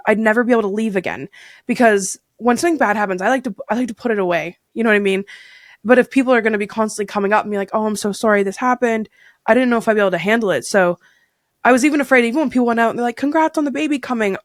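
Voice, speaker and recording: Lively young woman telling a story. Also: a little high, racing, no echo, studio quality. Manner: animated, acts out quoted dialogue. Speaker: podcast guest. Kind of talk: casual storytelling interview.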